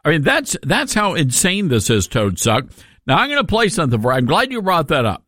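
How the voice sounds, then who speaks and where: A man hosting a talk radio show, animated and sarcastic in his commentary. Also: on the high side, brisk, no echo, studio quality. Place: radio studio.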